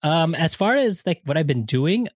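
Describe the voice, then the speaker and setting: A man's voice: fairly high pitch, very animated, slightly rough, no room sound. A man chatting casually on a podcast, joking and rambling as he talks. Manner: joking, quick to laugh, rambling. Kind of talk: casual chat. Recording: dry close sound.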